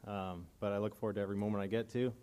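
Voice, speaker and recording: A man's voice: on the low side, flat delivery, very fast, warm tone, a little hiss or hum. A man preaching a casual, earnest and emotional sermon, reading scripture aloud and commenting between passages.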